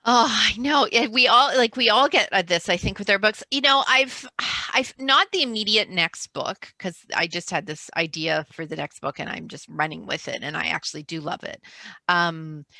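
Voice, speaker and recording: Author lady on a video call, rambles and restarts a lot, bright edge, dry mic. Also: medium pitch, animated, normal speed, no room sound. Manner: chatty, self-interrupting, laughs often. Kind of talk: casual chat.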